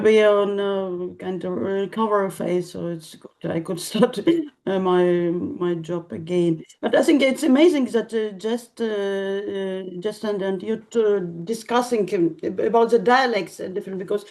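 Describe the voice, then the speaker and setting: A woman with a Russian accent chats in an online English class. Her voice sits at an ordinary pitch, and she speaks hesitantly but warmly, filling pauses with small sounds. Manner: hesitant, friendly, with fillers. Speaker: student. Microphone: video call.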